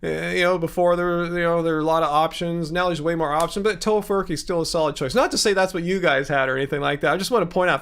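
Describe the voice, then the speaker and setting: A man's voice: on the high side, a bit bright, clean tone. A man in his thirties hosting a casual livestream, rambling and joking with many fillers and restarts. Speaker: livestream host answering viewer questions.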